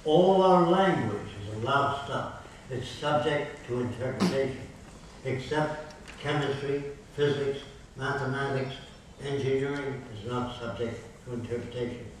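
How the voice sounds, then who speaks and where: A man's voice: mid-range voice, a little slow, slight background noise. Older man lecturing in an echoey hall. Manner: emphatic, declarative lecturing with lists. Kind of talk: public lecture. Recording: very echoey hall, recorded from far off.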